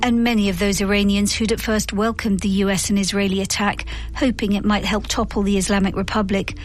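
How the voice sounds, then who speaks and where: Woman news reporter, grave and steady, faint music under. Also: medium pitch, brisk. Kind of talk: scripted news narration.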